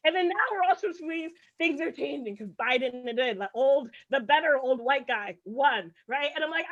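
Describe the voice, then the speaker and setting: A high-pitched woman works through a stand-up set with dry sarcasm. She keeps the tone loose and chatty and checks in with "right?" as she goes. The recording comes across dull and muffled. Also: fairly quick, hardly any pauses, a bit bright. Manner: sarcastic, conversational, peppered with "like" and "right?". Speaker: stand-up comedian. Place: comedy show stage.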